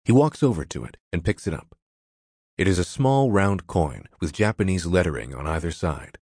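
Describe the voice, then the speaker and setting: A man with a very low voice reads an audiobook in a measured, descriptive way. The recording is dry and close, with no room sound. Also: animated, darkish tone, breathy edge, no echo. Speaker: narrator. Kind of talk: audiobook narration.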